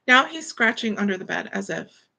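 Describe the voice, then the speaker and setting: A woman's voice: medium pitch, animated, moderate pace, creaky, bright, forceful tone. A woman hosting a live stream, chatting casually in a rambling way with lots of fillers and greeting viewers by name.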